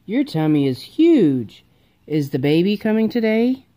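A woman's voice: on the low side, very animated, measured pace, dark tone. A woman voicing an eager, clumsy young boy frog in a storybook read-aloud, bouncy and a little whiny.

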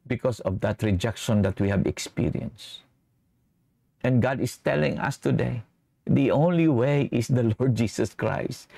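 A man's voice: medium pitch, gravelly, warm tone, no echo, studio quality. A man preaching a sermon, switching between English and Tagalog mid-sentence and often checking in with the congregation by asking "okay?". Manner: asks the congregation for assent with "okay?".

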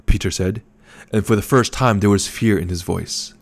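Male narrator, calm scripted narration, low voice, measured and even. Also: creaky. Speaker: audiobook narrator.

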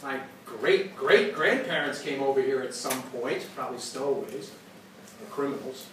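This classroom recording, taken from a distance amid echo and noise, captures an American history teacher lecturing and answering students' questions. He tells stories with lively energy, frequently restarting and repeating words at the start of sentences, in a mid-range voice at a moderate pace.

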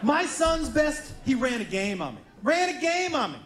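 A man's voice: extremely high pitch, sing-song, normal speed. A man performing a stand-up routine, telling a story and acting out the dialogue between himself and his son. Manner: storytelling, acts out both sides of the dialogue. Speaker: stand-up comedian. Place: comedy club stage. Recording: roomy stage recording with audience and noise. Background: audience laughter.

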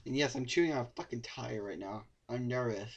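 A young man streams a game on a desk microphone, chatting casually in a mid-pitched voice. He swears, jokes and breaks into sudden loud outbursts. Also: a little fast. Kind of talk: casual gameplay commentary.

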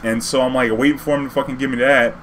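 A man telling a story casually, profane and animated, acting out a heated argument. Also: medium pitch, fast talker, a little hiss or hum.

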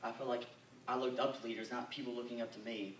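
A young man giving an earnest, halting church testimony full of fillers. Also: medium pitch, flat delivery, a little hiss or hum. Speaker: youth camper giving a testimony. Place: church or camp meeting hall. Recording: echoey hall, mic at a distance.

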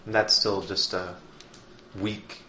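A man's voice: on the low side, little pitch movement, slow, bright, forceful tone, slight background noise. A man playing in a tabletop game, chiming in with short teasing remarks. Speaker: player. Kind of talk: casual tabletop play. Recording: dull, roomy lo-fi recording.

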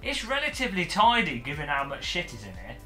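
A man's voice: a little high, huge pitch swings, fast, pushed and bright, soft background music. A man on a casual livestream, joking, swearing and mocking himself while setting up gear. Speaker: streamer.

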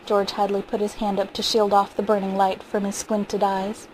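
A woman reading a short story aloud in a steady, vivid narrating manner. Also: medium pitch, moderate pace, a little hiss or hum, rough recording. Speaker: audiobook reader.

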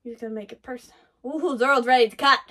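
A woman hosting an anime reaction, talking excitedly over what she watches, gasping, laughing and swearing. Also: high-pitched, fast. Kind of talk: live reaction commentary.

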